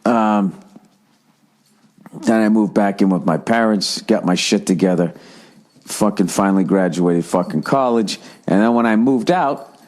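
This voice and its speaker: A man's voice: lowish voice, a little slow, darkish tone. A man in his forties hosting a solo podcast, ranting in a rambling, profane way and mocking people with put-on voices. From United States. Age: 40s. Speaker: podcast host.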